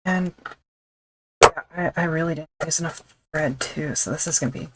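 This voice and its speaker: A woman's voice: sits low, moderate pace, a little hiss or hum, poor audio. A woman leatherworker talking her way through stitching a sheath in a casual, wry running commentary, often muttering to herself as she works. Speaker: leatherworker streaming her craft.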